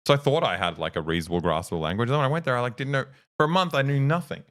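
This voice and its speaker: A man's voice: mid-range voice, expressive, racing, fairly bright tone. A young Australian man co-hosting a casual podcast chat, swearing freely and laughing often. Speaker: co-host.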